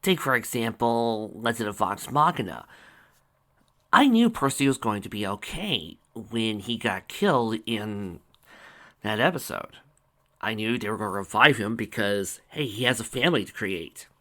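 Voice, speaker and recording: A man's voice: lowish voice, expressive, moderate pace, bright, forceful tone. A man casually reading a fan story aloud and breaking off for wry, rambling asides. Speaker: fanfiction reader and commentator.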